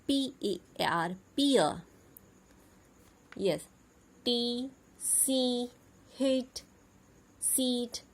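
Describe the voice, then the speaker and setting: A young woman with an Indian English accent teaching a phonics lesson to small children. She spells each word letter by letter and then reads it out slowly. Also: medium pitch.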